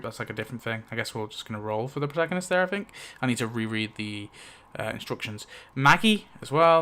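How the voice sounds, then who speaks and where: A man's voice: mid-range voice, fairly bright tone, smooth. A man hosting his video, casually narrating a story rewrite decided by dice rolls, rambling with lots of fillers and little chuckles. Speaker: YouTube host.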